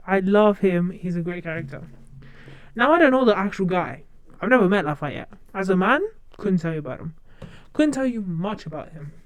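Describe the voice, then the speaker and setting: Streamer, not a native English speaker, casual chat; clear, smooth mid-pitched voice; loose and repetitive delivery. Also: no room sound. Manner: rambling, chatty, repeats words and restarts.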